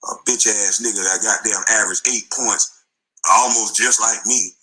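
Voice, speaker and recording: A man's voice: fairly low pitch, steady tone, moderate pace, pushed and bright, husky, low-quality recording. A middle-aged man, a former basketball player, delivering an angry, taunting rant full of insults in a played clip.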